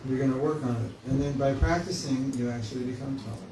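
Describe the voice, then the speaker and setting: A man's voice: mid-range voice, steady tone, fast, mellow, far from the mic. A man giving a spiritual class in a conversational, joking way, often acting out inner voices. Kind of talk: informal spiritual class talk. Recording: echoey room, mic from afar, faint hiss.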